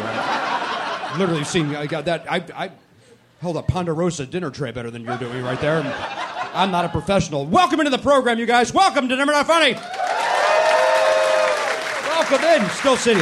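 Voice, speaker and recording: Man, high voice, brash sarcastic host, profane, live comedy club, loud crowd. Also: big pitch swings, brisk, pauses often, very noisy. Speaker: podcast host. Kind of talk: live stand-up style podcast banter. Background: audience laughter.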